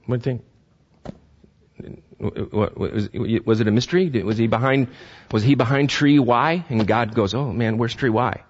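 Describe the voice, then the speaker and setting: A male pastor gives a loose, chatty sermon in a church, restarting phrases and asking the congregation questions. His voice sits at an everyday middle pitch. The recording sounds dull and lo-fi. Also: moderate pace, pauses often. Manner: stumbles and repeats words, quizzes the congregation. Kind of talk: conversational sermon.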